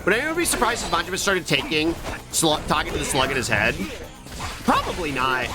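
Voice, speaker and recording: A man's voice: fairly high pitch, very animated. Swearing, joking male streamer over game music. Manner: crude, joking, quick to swear. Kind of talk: casual gameplay commentary.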